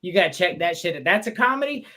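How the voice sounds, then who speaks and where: A man co-hosting a casual podcast, telling crude, animated stories and laughing often. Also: high voice, fast talker. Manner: animated, profane storytelling with laughter. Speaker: podcast co-host.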